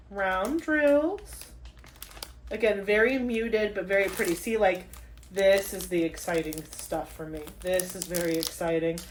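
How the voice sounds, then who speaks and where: A young woman chatting casually while unboxing craft kits, gushing and excitable, with lots of fillers and gasps. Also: mid-range voice, a little hiss or hum. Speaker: crafting vlogger. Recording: echoey room, mic at a distance.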